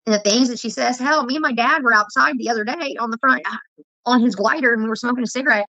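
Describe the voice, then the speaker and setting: A woman's voice: a little high, fast, bright, forceful tone, no echo. A woman vlogger telling heated, profane stories in casual livestream chat, with dull lo-fi audio.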